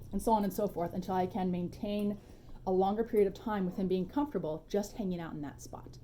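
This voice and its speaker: A woman dog trainer giving a relaxed, chatty demonstration tutorial at home, with informal asides. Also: medium pitch, normal speed, slight background noise.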